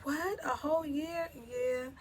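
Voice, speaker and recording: A woman playing a gushing, high-pitched sister. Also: fairly quick, creaky, slight background noise. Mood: excited. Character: excitable caring adult sister on the phone.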